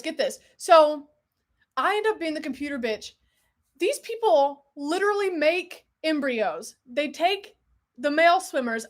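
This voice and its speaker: A young woman with a high, bright-pitched voice chats on a live unboxing stream. She is excitable and rambling, swears casually and keeps drifting from one tangent to the next. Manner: excitable, rambling storyteller who swears freely and keeps getting sidetracked.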